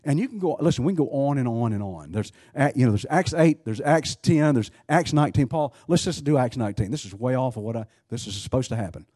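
Animated, husky-voiced male preacher. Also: medium pitch, fast talker, few pauses, dry recording, studio quality. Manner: emphatic, with rhetorical questions and frequent restarts. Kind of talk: sermon.

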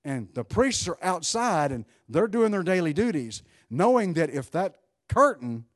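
A man preaching a sermon in an animated, conversational way, swinging between loud bursts and hushed asides while joking with his congregation. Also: high voice, moderate pace, few pauses, no room sound, clean studio sound. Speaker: pastor.

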